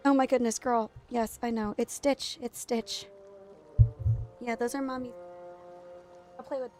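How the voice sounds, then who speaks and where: A woman streaming from home late at night, chatting casually, laughing often and cooing softly to her toddler. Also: high voice, expressive, slow pace, pauses often, soft background music. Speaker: game streamer and mother. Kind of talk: casual live-stream chat.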